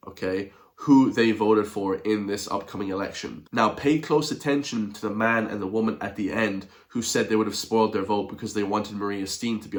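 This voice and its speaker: Man, lowish voice, heated vlog rant, scornful and animated. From Ireland. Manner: animated, scornful, mock gasps. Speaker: political commentary vlogger. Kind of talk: ranting video commentary.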